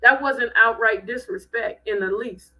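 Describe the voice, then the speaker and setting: Bright, blunt woman ranting on a live stream. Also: on the high side, a little slow, rough recording. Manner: animated, blunt, preachy ranting. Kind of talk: casual live-stream commentary.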